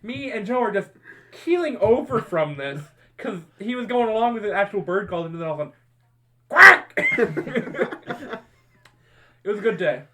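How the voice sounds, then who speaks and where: A young man hosting a podcast, telling high school stories to friends in a casual way, often laughing and acting out what his friends said. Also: big pitch swings, moderate pace. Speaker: podcast host. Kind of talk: casual storytelling among friends.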